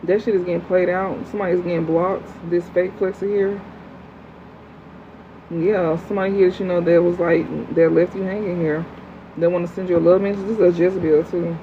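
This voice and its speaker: A tarot reader doing a livestream reading and answering chat in a blunt, profane, fast, slangy way. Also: mid-range voice, level tone. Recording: phone-like audio with faint hum.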